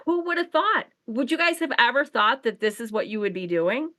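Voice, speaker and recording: A chatty woman co-host with a bright, forward tone, talking casually in loose run-on sentences. Her voice is close and dry, with no room sound around it. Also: fairly high pitch, big pitch swings, brisk, no echo. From Chicago. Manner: chatty, rambling, many fillers and restarts. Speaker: podcast co-host. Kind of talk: casual conversational interview.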